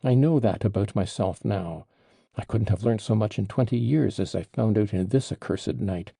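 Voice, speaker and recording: A man's voice: lowish voice, normal speed, creaky, warm tone, husky, no echo, clean studio sound. A man reading an audiobook, voicing an agitated, proud young man under arrest in impassioned, indignant outbursts.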